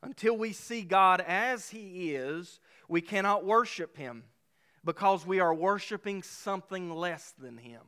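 A pastor delivers a sermon in a smooth, resonant voice that sits a little high for a man. He preaches emphatically, pressing hard on key phrases and slowing down to let weighty lines land. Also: pushed and bright.

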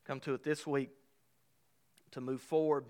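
A man preaching a sermon as a pastor, speaking emphatically and slowing down to stress key lines. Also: mid-range voice, little pitch movement, warm tone.

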